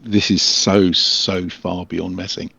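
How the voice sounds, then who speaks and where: Man voicing a haunted spellcaster, brooding, terse, lowish voice, dry dull sound. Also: level tone, takes it slowly, creaky, bright, forceful tone, breathy edge, no echo, full character voice. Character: haunted male spellcaster, weary, driven, fatalistic.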